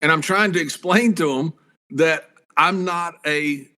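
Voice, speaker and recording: A man telling casual, animated stories in a talk show interview, swearing and acting out the voices of the people in them. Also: on the high side, a little slow. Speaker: guest, former wrestler and commentator. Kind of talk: casual storytelling.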